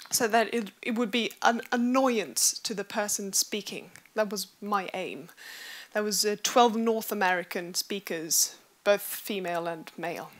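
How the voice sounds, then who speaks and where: A woman's voice: medium pitch, a bit bright. A woman researcher giving a conference presentation, explaining her study with frequent fillers. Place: lecture hall.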